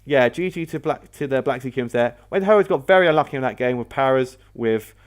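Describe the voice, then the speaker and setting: A man's voice: mid-range voice, lively intonation, quick pace, a little hiss or hum. A man hosting a casual battle commentary video, rambling and often correcting himself mid-sentence. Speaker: host.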